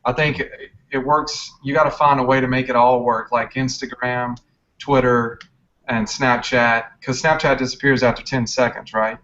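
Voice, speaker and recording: A relaxed man guest talks casually, wandering a bit as he goes. His voice is mid-pitched, and it comes through as dull, lo-fi stream audio. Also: normal speed. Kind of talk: casual chat.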